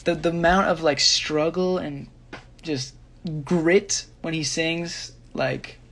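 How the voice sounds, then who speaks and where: A man's voice: on the high side, fairly even intonation, slow, a bit bright. A young man, a singer, casually answering fan questions on a phone livestream, sleepy and rambling with many fillers. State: sleepy, yawning.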